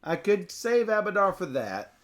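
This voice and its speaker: A man's voice: sits high, sing-song, normal speed, fairly bright tone. A playful man co-hosting a tabletop card game playthrough, reading card text aloud and laughing often. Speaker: co-host teaching a card game.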